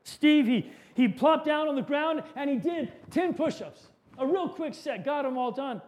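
High-voiced man telling a sermon story. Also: unhurried, darkish tone.

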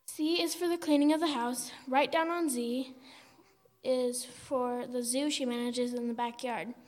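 A woman's voice: high-pitched, a little mellow, in a large hall. A woman giving a sermon with wry, humorous teaching.

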